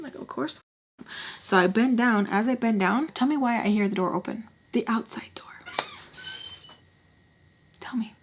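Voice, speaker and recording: A woman's voice: on the high side, slightly rough. Chatty woman telling a story. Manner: chatty, animated, often drops to a whisper. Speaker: storytime vlogger. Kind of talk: casual storytelling.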